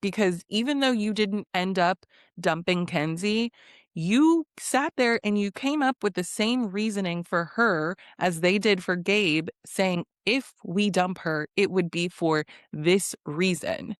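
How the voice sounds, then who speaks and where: A woman's voice: medium pitch, unhurried, clear, resonant tone, no echo, studio quality. Sassy, blunt woman recapping reality TV. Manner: sassy, blunt, profane, laughs often. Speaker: recap vlogger.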